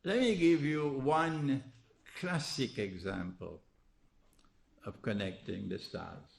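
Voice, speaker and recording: Guy giving a religious talk, keeps asking the crowd "huh?", laughs at his own lines, goes loud then drops real low. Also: slow pace, creaky, a little hiss or hum. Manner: rhetorical questions with frequent "huh?"; chuckles at his own points. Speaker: Islamic lecturer. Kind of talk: religious lecture.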